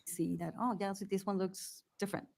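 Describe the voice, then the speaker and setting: A woman's voice: medium pitch, flat delivery, a little fast, gravelly, a little mellow. A woman testifying at a hearing as a witness, speaking hesitantly with many fillers and restarts.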